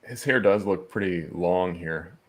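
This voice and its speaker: Male co-host, lower voice, easygoing chat-reading delivery with light chuckles. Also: measured pace. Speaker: podcast co-host. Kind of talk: casual live-stream chat.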